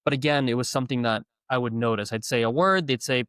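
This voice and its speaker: A man from Canada, a podcast guest telling stories in a lively, self-correcting way. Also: mid-range voice, fast, clear, resonant tone, no echo. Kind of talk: conversational storytelling.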